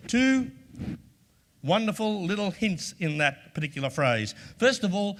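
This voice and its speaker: A man's voice: high voice, sing-song, fairly quick, fairly bright tone. An Australian man giving a presentation to a live audience, emphatic and repeating key phrases, now and then acting out sample lines. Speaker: workshop presenter. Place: large room before an audience. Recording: long hall reverb.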